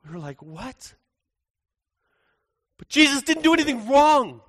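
A man playing the apostle John as an older man in a first-person dramatic monologue, earnest, moving between hushed and urgent. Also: extremely high pitch, very animated, measured pace, full character voice. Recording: echoey hall with long reverb.

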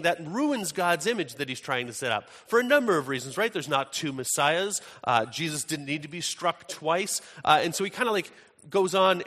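Male pastor, conversational sermon, bright tone, long hall reverb. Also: a little high. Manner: conversational storytelling with fillers and restarts.

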